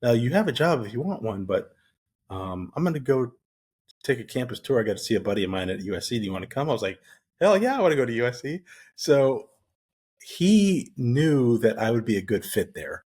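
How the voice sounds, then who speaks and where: A middle-aged man from the United States speaks as a guest in a relaxed interview, with a husky voice that sits low. He tells his story in a lively way and acts out the lines of the people in it. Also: fast. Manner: animated storyteller who acts out quoted dialogue. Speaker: guest, retired Navy SEAL.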